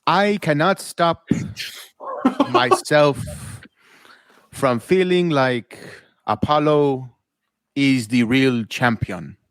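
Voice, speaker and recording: A man's voice: mid-range voice, dry recording. A man doing a mock-royal wrestler. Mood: mock-regal. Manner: slow, grand, mock-solemn proclamations. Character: man mimicking a regal wrestler's exaggerated accent. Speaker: podcast co-host.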